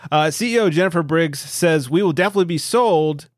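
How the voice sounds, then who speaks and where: A man's voice: fairly high pitch, brisk, no echo, studio quality. Laid-back swearing male podcast host. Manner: laid-back, swears casually, laughs often. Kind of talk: casual chat.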